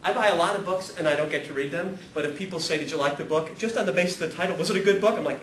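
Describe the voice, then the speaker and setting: Man, animated self-deprecating storyteller, spiritual talk, echoey room, distant mic, rumbling noise. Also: fast talker, crowd noise. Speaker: speaker at a ministry talk series. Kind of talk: humorous spiritual talk with read-aloud passages.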